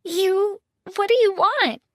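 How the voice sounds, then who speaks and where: A woman's voice: high-pitched, big pitch swings, normal speed, a bit bright, no room sound, studio quality, pitched above the performer's own voice. A woman voicing a haughty celebrity diva. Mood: frightened. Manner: haughty, scornful. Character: arrogant spoiled celebrity influencer woman. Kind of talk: audiobook character voice.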